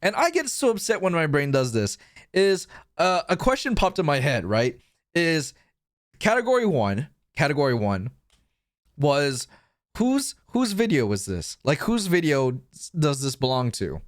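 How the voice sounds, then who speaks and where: A man's voice: a little high, very animated, unhurried, no echo, clean studio sound. A young man streaming live, rambling through a profane, self-mocking story and losing his train of thought.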